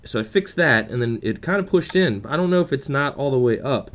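Young male vlogger, irritated and profane, rambling delivery with a very animated pitch. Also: a little fast, noisy background. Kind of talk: casual ranting vlog.

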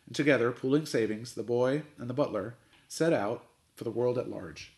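A man, a coach, reading a chapter book aloud with expressive storytelling narration. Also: medium pitch, normal speed.

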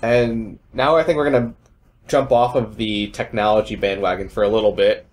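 A man's voice: fairly low pitch, fairly even intonation, normal speed. A young man hosting a podcast in casual chat, joking and wandering off on tangents. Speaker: podcast host.

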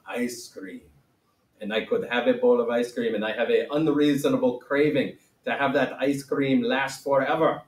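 A man's voice: medium pitch, close to an everyday voice. A man voicing a solemn, wise ancient male sage in a put-on accent with broken grammar, teaching a playful lesson. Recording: roomy echo, mic at a distance.

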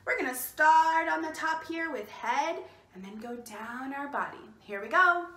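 A woman's voice: high voice, a little slow, pushed and bright, reverberant. A woman hosting a bilingual children's storytime, cheerful and encouraging, who asks the children to repeat words after her while she sits indoors. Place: indoors, seated.

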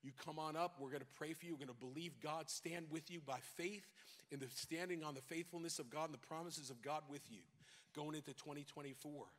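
A man's voice: fairly high pitch, steady tone, a little fast, a bit bright. A middle-aged pastor from New York with a New York accent, preaching a sermon and exhorting his congregation with rising intensity. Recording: long hall reverb.

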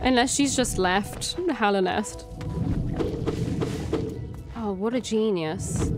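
A woman's voice: mid-range voice, takes it slowly, pauses often. A young woman chatting and reacting expressively while playing a video game, often swearing and laughing. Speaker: game streamer. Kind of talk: casual let's-play commentary. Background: game music.

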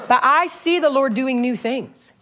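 A middle-aged woman preaching a sermon, telling stories with laughter and animated energy. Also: high-pitched, a little slow. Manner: animated, storytelling, frequent laughs. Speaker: pastor.

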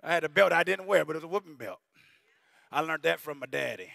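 A middle-aged man preaching a sermon in a church, animated and storytelling, rising at times to shouting. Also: on the high side, quick pace, vocal fry, no room sound, clean studio sound. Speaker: bishop preaching. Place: church sanctuary.

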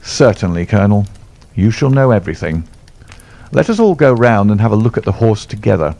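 A man voicing a calm, imperturbable male detective in an audiobook, measured and dry. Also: lowish voice, gravelly. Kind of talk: audiobook character voice.

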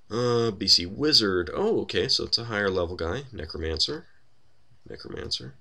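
Let's-play host, a man with a deep, creaky voice and wry, rambling delivery. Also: expressive, moderate pace, pushed and bright. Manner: wry, thinking aloud, many fillers. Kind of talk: casual gameplay commentary.

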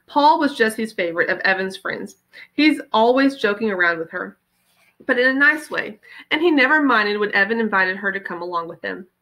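A woman teacher reading a children's novel aloud with expressive storytelling. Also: mid-range voice, moderate pace.

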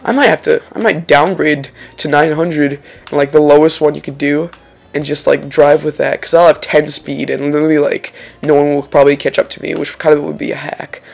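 A young man giving casual, excitable let's-play commentary over a racing game, swearing and exclaiming when he makes mistakes. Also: fairly high pitch, fairly quick, gravelly, soft background music. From Lithuania. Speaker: gaming channel host.

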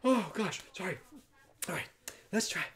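Cast a man as a playful preschool music teacher on a live stream, fairly high voice, giggly, sometimes whispering. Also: expressive, measured pace. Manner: playful, apologetic, laughs often, drops to soft whispers. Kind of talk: live-streamed kids' music and movement class.

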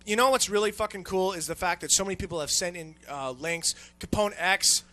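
A young male radio host with a high, bright voice tears into a profane, fast-moving rant in the studio. He swears freely and slips into mocking voices for the callers he complains about. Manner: ranting, swears constantly, acts out annoyed callers.

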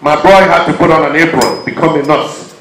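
A Nigerian man speaking from a stage with a fairly high voice. His delivery is impassioned, swinging between loud urging and hushed, emotional stretches. The sound rings around an echoey venue. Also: steady tone, fairly quick, background noise. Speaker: performer speaking to an audience.

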